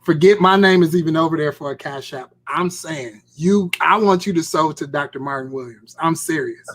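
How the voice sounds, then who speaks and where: A male host and pastor, exhorting his live-stream audience with fervent repetition. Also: on the high side. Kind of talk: live-stream sermon talk.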